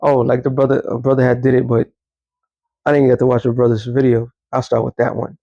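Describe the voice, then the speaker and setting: A man's voice: medium pitch, level tone, fairly quick, gravelly, dark tone, dry recording, highs cut off. Emphatic man in rambling commentary. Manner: emphatic, rambling, with self-corrections. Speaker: online commentator. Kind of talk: casual religious commentary.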